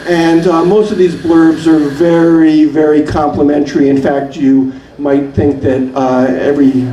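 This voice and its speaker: A man's voice: on the high side, little pitch movement, a little slow, dark tone, roomy sound, distant mic, dull audio. A man giving a live poetry reading in a coffee shop, hesitant between poems and dry in his humor. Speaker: poet reading his work.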